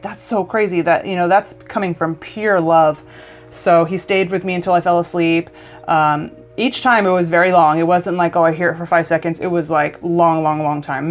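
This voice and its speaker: Speaking in a fairly low voice, a woman vlogger recounts a personal story in a relaxed, emotional way, frequently tripping over her words and restarting mid-sentence.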